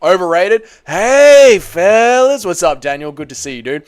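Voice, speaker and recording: A man's voice: a little high, fast, clear, resonant tone, no room sound. An Australian man hosting a casual livestream, reading viewer comments aloud and bantering bluntly with plenty of swearing. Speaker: livestream host.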